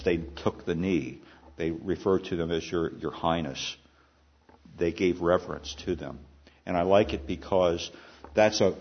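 A deep-voiced man delivers a sermon in a husky tone. He speaks conversationally, posing questions and circling back on his phrases. The church recording sounds dull and lo-fi. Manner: conversational preaching with rhetorical questions and restarts. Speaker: pastor.

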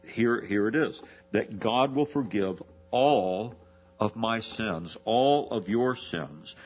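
A man preaching a verse-by-verse sermon in a low, husky voice. He poses rhetorical questions and slows down to stress his key words. The recording sounds dull and lo-fi. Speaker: pastor. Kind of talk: expository sermon.

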